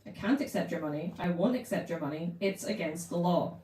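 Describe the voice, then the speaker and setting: A woman's voice: on the low side, a little fast, warm tone, slight background noise, natural voice. Woman voicing a cold, clipped shopkeeper man. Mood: contemptuous. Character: stiff male shopkeeper, contemptuous and clipped. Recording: roomy, distant mic.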